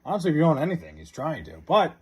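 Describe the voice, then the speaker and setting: Male streamer, husky voice, lively pitch, loose profane chat with viewers, drawls out joke names. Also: quick pace. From New York area. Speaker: livestreamer. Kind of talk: casual live stream chat, reading viewer comments. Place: his house.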